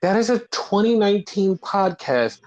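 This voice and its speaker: A man co-hosting a casual podcast, animated and profane, acting out quoted voices as he retells stories. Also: sits high, normal speed. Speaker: podcast co-host. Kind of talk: casual wrestling podcast chat. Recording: muffled lo-fi audio.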